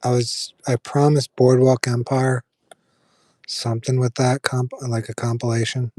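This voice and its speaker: Male streamer, relaxed rambling talk, warm low tone, dry booth sound. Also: unhurried, no echo. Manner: relaxed, rambling, frequent fillers and restarts. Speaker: streamer chatting with viewers. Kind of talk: casual live-stream chat.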